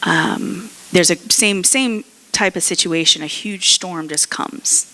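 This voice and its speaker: A woman's voice: on the low side, slow pace, pushed and bright. A woman pastor preaching a conversational sermon, often acting out the people in the story. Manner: conversational preaching, acts out characters' voices.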